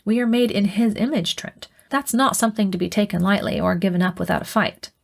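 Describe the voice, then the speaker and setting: A woman's voice: medium pitch, steady tone, brisk, gravelly, darkish tone. Woman reading as a firm, devout male doctor. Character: stubborn devout male ship doctor, an uncle.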